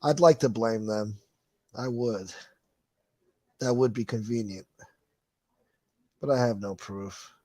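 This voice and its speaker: Speaking slowly with frequent pauses, a man with a fairly low, dark voice hosts a livestream, reading chat comments and riffing on them. His casual talk is profane, rambling, and full of wisecracks, and he calls people "boy." There's no echo.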